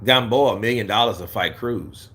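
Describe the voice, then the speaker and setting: A man on a desk mic hosts a casual boxing livestream and talks straight to his chat. His voice is bright and forceful, and it climbs high when he gets heated. Between rants he drops into low, mumbled asides. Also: moderate pace. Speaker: boxing commentary livestream host.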